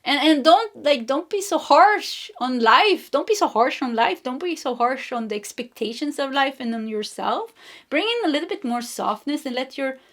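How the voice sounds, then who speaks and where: A woman with a fairly high voice reads tarot cards to her viewers. She speaks gently and loosely, restarting phrases, laughing softly and hunting for the right word. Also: lively intonation, moderate pace. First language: Swedish. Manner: gentle, rambling, searching for words, laughs often. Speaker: tarot reader. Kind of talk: intuitive tarot reading to camera.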